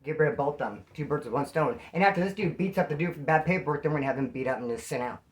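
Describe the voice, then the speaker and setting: A man's voice: a little high, rapid-fire. A man and former prisoner telling a casual first-person story, rambling in slang and acting out the dialogue he quotes.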